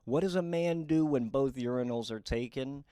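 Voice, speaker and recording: A young man telling comic true stories in a quick, deadpan and wry way. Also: mid-range voice, no room sound, clean studio sound. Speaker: comedic storyteller. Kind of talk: storytime comedy monologue.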